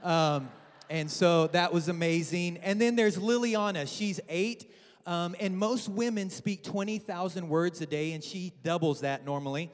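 A man in his thirties delivers a light, joking sermon to a large congregation. His voice sits high, and he acts out his family's voices as he tells stories. A long reverb from the sanctuary trails behind every phrase. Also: unhurried. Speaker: guest preacher. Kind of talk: humorous sermon. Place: large church with balcony.

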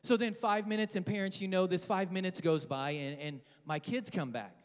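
A man's voice: sits high, normal speed, clear, resonant tone. A man in his thirties preaching a humorous sermon, telling family stories and joking with the congregation. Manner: storytelling, joking with the congregation, acting out family voices. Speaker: guest preacher. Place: large church with balcony. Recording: long hall reverb.

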